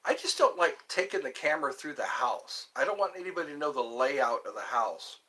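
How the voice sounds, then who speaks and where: A man's voice: fairly high pitch, lively intonation, a little fast, bright, forceful tone. A man hosting a livestream from his home, chatting casually and answering viewers' questions in a rambling way. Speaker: livestream host. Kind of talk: casual chat reading viewer comments.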